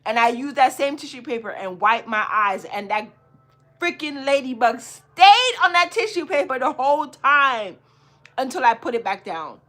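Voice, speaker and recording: Bright-voiced Jamaican woman telling a story. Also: high voice, moderate pace. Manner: animated, repeats phrases for emphasis, swings between hushed and loud. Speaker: podcast host. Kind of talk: casual storytelling.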